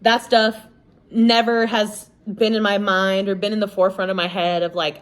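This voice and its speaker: A woman's voice: medium pitch, little pitch movement, normal speed. A woman hosting a podcast, talking in a casual monologue that is blunt and emphatic, with lots of swearing and "like" and "you know". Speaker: podcast host.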